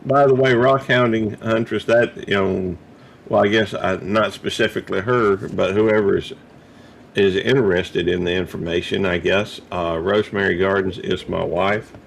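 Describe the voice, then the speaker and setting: A man's voice: deep voice, fairly even intonation, moderate pace, creaky, a little hiss or hum. A middle-aged man co-hosting a casual livestream chat, talking with many fillers and restarts. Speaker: livestream co-host.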